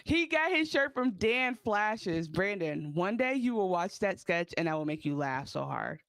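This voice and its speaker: A woman's voice: mid-range voice, sing-song, a little slow, fairly bright tone, dry recording. A woman co-hosting a podcast, chatting casually and giving her opinions on an episode. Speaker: podcast co-host. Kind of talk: casual recap chat.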